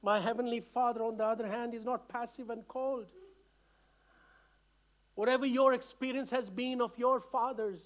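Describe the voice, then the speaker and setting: A man's voice: very high voice, steady tone, moderate pace. A man from India preaching a sermon to a church congregation, earnest and impassioned, stumbling over restarts and calling out to the congregation. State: emotional. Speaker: pastor.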